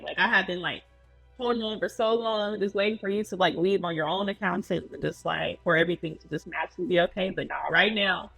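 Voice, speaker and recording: A woman recounting a personal story in a relaxed, conversational way, with a lot of filler words. Her voice has a gravelly, vocal-fry edge. The recording is dry and close, with faint music underneath. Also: medium pitch, quick pace, no room sound, rough recording. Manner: loose and conversational, full of "like" fillers. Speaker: guest sharing her story.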